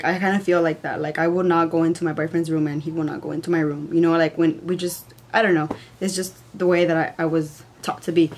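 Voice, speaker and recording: In a lowish, slightly mellow voice, a young vlogger rambles through a story in a relaxed, chatty way, peppering it with "like."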